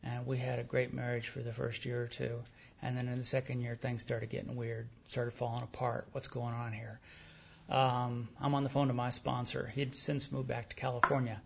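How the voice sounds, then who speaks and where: A man's voice: mid-range voice, monotone, normal speed, gravelly, a little hiss or hum. A middle-aged man from Texas, telling his recovery story to a meeting, acting out dialogue with wry humor. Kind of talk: personal recovery talk to an audience. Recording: dull lo-fi tape recording.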